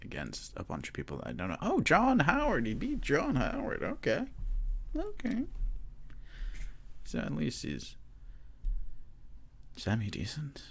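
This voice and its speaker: A man's voice: a little high, huge pitch swings, a little slow, pauses often, fairly bright tone, breathy edge. A man hosting a sports podcast, ranting casually, swearing often, laughing and trailing off mid-sentence. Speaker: podcast host. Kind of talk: casual profane rant.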